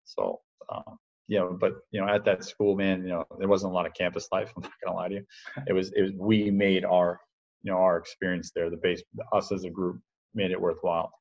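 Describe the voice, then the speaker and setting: A man's voice: sits low, little pitch movement, brisk, darkish tone, muffled recording. A man, a baseball coach, chatting as a guest on an interview podcast, rambling with lots of fillers and restarts. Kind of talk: casual interview storytelling.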